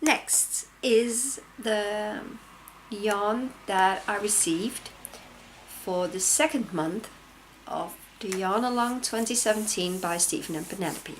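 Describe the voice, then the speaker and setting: Slow-talking woman gushing over yarn. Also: mid-range voice, slight background noise. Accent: Dutch. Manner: gushing and excitable, gasps and squeals over yarn. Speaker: knitting podcast host. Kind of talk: casual video podcast chat.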